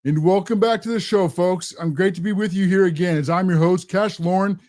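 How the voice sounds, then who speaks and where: A man's voice: high voice, brisk, a little mellow. A man hosting a political commentary show, ranting in a combative, sarcastic way. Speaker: host.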